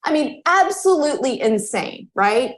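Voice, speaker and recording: A woman in her thirties talks as a podcast guest, telling a story from home life in a relaxed, conversational way. She slips into other people's voices as she quotes them, and her pitch jumps high with each one. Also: measured pace. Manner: animated, acts out quoted dialogue with pitch jumps. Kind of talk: casual storytelling in an interview.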